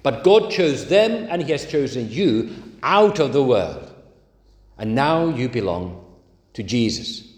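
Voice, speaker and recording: Man, sermon, emphatic slow stresses, animated pitch, roomy echo. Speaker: preacher. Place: church. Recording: echoey church hall.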